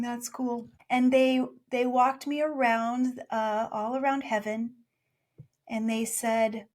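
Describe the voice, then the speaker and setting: A woman in her forties telling her story in a casual interview, playful and animated, laughing often. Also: a little high, moderate pace. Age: 40s. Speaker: guest, spiritual channel.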